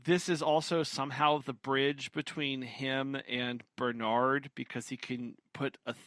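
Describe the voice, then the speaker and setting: Bright-voiced man chiming in agreement. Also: mid-range voice, level tone, no room sound. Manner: short agreeing interjections, halting when explaining. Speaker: podcast co-host. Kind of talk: casual book discussion.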